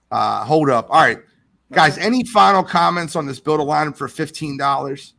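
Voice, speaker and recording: A man hosting a live sports podcast, talking in a lively, animated way as he reads out viewer comments. His voice sits a little high and has a gravelly edge to it. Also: normal speed. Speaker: podcast host. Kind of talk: casual live podcast chat.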